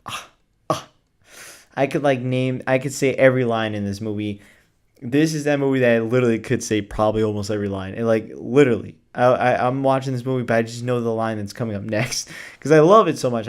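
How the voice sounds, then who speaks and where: Male vlogger, mid-pitched, excitable, casual chatter full of fillers, drops the occasional swear. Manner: gushing, enthusiastic, talks fast with filler words. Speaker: movie reviewer. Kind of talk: casual movie review vlog.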